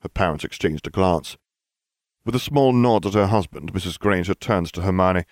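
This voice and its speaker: A man reading fan fiction aloud as narrator, with expressive storytelling. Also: deep voice, moderate pace, no room sound, studio quality.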